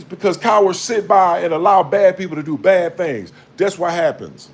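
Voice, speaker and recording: A man giving a blunt, profane, preachy spiritual monologue to a low-held phone camera. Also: a little fast, few pauses. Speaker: vlogger.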